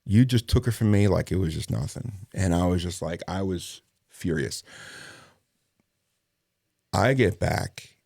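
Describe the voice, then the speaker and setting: A middle-aged man, a former police detective, telling a story in a casual interview, profane and animated, acting out the dialogue. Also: low voice, a little slow, gravelly, long pauses, slightly rough, no room sound, clean studio sound.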